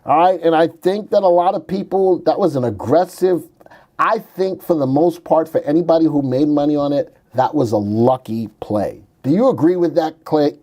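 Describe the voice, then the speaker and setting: A man's voice: a little high, moderate pace, warm tone. A man hosting a stock market show, talking casually through charts and cracking jokes with his co-host. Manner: wisecracking, slips into silly put-on voices.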